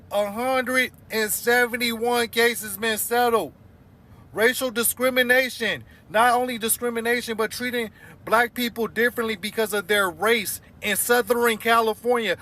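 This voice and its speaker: A man's voice: extremely high pitch, bright, forceful tone. A man giving indignant opinion commentary and firing off rhetorical questions. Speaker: commentator reacting to clips.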